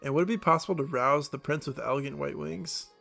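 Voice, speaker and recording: A man's voice: a little high, quick pace, creaky, sharp tone, soft background music, full character voice. A man reading the lines of a flowery, long-winded male noble advisor from a video game. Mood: pompous.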